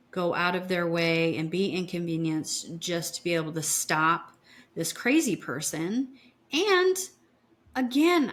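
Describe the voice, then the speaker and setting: Cursing without restraint, a fifty-something woman co-hosting a podcast tells a true-crime story with blunt indignation. Her voice is lowish and fairly bright.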